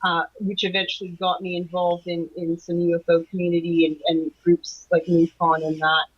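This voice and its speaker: A woman's voice: lowish voice, monotone, moderate pace. A middle-aged woman from Canada, a guest recounting a personal experience in an interview, talking hesitantly with many restarts. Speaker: guest, anomalies researcher. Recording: dull lo-fi call audio.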